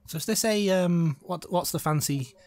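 A man's voice: high voice, moderate pace, darkish tone, no echo. A man co-hosting a casual movie commentary, playful and self-mocking. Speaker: podcast co-host.

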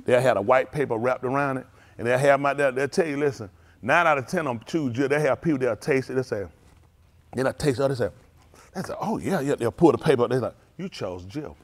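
A fast-talking pastor with a medium-pitched voice preaches loosely to his congregation. He jokes and teases them playfully in drawling street slang.

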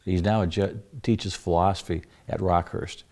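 A man's voice: sits low, steady tone, normal speed, darkish tone. An older man telling anecdotes in an interview, folksy and wry, chuckling through his punchlines. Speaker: interview guest. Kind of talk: anecdotal storytelling.

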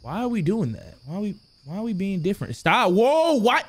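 A man playing a horror game and commenting, excitable, cursing, shouting, then muttering to himself. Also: sits high, brisk. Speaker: gaming YouTuber.

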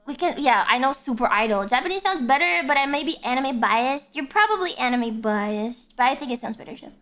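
Bright, lively young woman streamer. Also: high-pitched, normal speed. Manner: rambling, repeats herself, blunt and apologetic. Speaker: livestreamer. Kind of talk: casual game stream chat.

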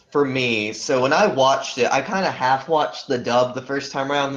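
A man's voice: medium pitch, fairly bright tone. Rambling man on a muffled podcast mic. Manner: rambling, with many fillers and hedges. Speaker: podcast co-host. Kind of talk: casual podcast discussion.

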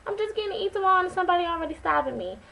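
A woman vlogger telling a story to camera in a casual, animated, chatty way. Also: very high voice, very fast, vocal fry, rough recording. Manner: animated, chatty, dramatic retelling.

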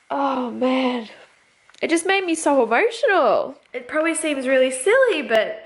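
Young Australian female vlogger, high-pitched, gushing, quick to laugh. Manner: gushing, excitable, laughs often. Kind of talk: casual vlog chat to camera. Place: car, then home.

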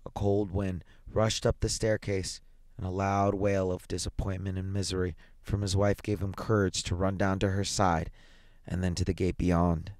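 Low-voiced man narrating a horror story. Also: level tone, darkish tone, dry recording. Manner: measured, dramatic, deliberate pauses. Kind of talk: reading a classic horror short story aloud.

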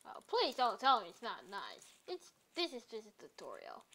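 A woman's voice: fairly high pitch, huge pitch swings, normal speed, gravelly, sharp tone. A woman narrating a casual building tutorial, counting blocks aloud and chatting to herself with playful little apologies to viewers.

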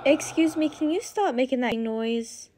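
A young woman voicing all the teen characters of a cartoon story, excitable and dramatic. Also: high-pitched, measured pace, slight background noise. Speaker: voice-over storyteller.

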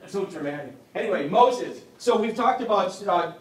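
A man's voice: sits high, expressive, normal speed. A middle-aged man giving a conversational teaching talk at a parish adult education evening, humorous and often putting questions to the audience. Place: parish hall. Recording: echoey hall, mic far off.

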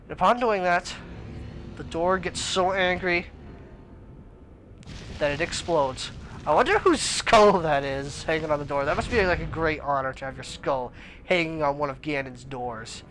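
A man's voice: a little high, moderate pace, fairly bright tone, slight background noise, rough recording. A young man commentating his own gameplay as a let's play host, exasperated and exclaiming at the game.

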